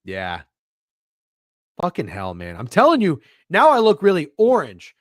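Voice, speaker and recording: A man's voice: a little high, huge pitch swings, unhurried, dry recording, studio quality. A young man co-hosting a casual sports betting show over a video call, joking and swearing while fussing with his camera. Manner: profane, joking, flustered by camera trouble. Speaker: podcast co-host.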